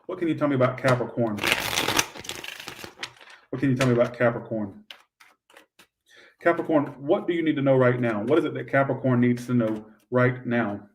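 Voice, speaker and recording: A man doing a live tarot reading, blunt and profane, breaking into loud outbursts now and then. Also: medium pitch, normal speed, long pauses, recorded from a distance, background noise. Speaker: tarot reader.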